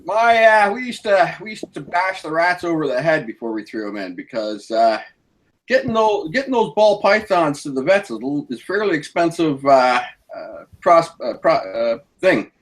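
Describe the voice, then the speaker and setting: A Canadian man rambles through a story on a group chat, stopping and restarting often. His voice sits a bit high for a man. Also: big pitch swings, low-quality recording. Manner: rambling, halting, full of fillers.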